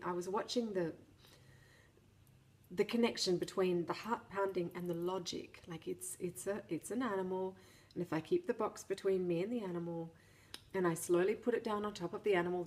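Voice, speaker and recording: A middle-aged woman chatting casually to camera, telling a personal story with a self-deprecating, laughing manner and frequent restarts. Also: fairly low pitch. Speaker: vlogger.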